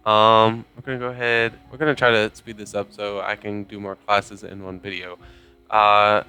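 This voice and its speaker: A man's voice: fairly low pitch, little pitch movement, moderate pace, sharp tone, clean tone, soft background music. A man casually commenting on a game as he plays, joking and rambling in self-deprecating asides. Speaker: gamer reading game text aloud. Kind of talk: casual let's play commentary.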